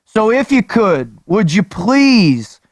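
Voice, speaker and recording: High-pitched man hosting a podcast, hyped and casual, dry sound. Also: big pitch swings, slow, no room sound. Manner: hyped, calls guest bro and dude. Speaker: podcast host, former instructor.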